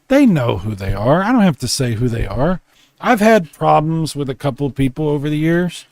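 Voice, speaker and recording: A man's voice: on the high side, no echo, studio quality. Rambling drunk man on a late-night stream. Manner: rambling, swearing, reading chat aloud. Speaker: streamer host. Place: home room.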